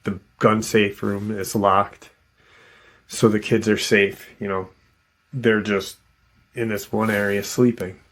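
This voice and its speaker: A man's voice: on the low side, little pitch movement, slow pace, a bit bright. A man casually retelling a frightening encounter as a channel host, unscripted, with plenty of "um" and "you know" along the way. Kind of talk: casual storytelling narration.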